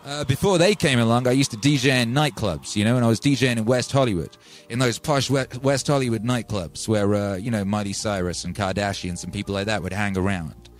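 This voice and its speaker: A man from England hosting a livestream, telling stories in a rambling, animated way with many asides. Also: fairly low pitch, a little fast, soft background music. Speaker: livestream host and music producer. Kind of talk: casual storytelling on a stream.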